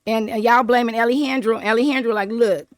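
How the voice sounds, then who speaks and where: A woman talks straight to camera in a loose, rambling commentary vlog. Her voice sits a bit high, and she circles back over the same phrases and laughs along the way. The sound is dry and close, with no room echo. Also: moderate pace. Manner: rambling and animated, repeats herself, laughs often. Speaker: vlogger. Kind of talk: casual political commentary vlog.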